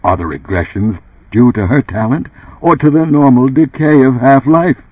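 A man's voice: mid-range voice, moderate pace, breathy edge, no room sound, pitched above the performer's own voice, natural voice. A man reading an audiobook, voicing a tense, suspicious man who presses his boss with accusing questions. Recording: dry, tinny phone-like sound.

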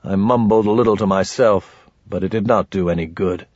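A man narrating an audiobook in first person with a dry, grumbling, wry manner and a husky voice. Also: fairly low pitch, brisk, darkish tone, no room sound, highs cut off.

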